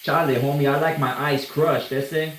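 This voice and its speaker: A man's voice: fairly high pitch, steady tone, moderate pace, a little hiss or hum. Laid-back slangy man in a roomy studio. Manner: laid-back, slangy, swearing, laughing at his own story. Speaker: tattoo artist. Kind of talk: casual livestream storytelling. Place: tattoo studio during a live session.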